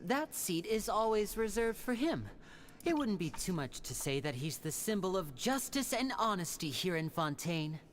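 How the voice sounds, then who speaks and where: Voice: mid-range voice, sing-song, moderate pace, slight background noise, natural voice. A voice actor playing a showy, theatrical young stage magician in a game.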